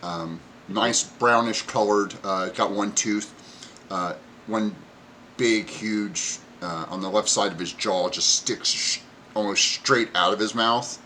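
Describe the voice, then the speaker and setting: A man runs a tabletop game, describing scenes in a casual, halting way. His voice is fairly low yet bright and crisp, with a faint hiss behind it. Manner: casual, many fillers and restarts while describing. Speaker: game master.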